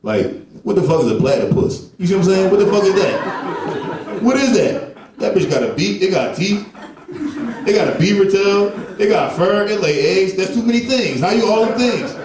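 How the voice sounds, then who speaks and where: A man's voice: high-pitched, expressive, brisk. A man doing a stand-up set, slangy and profane, firing off rhetorical questions. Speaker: stand-up comedian, headliner. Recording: echoey club from far off, crowd audible.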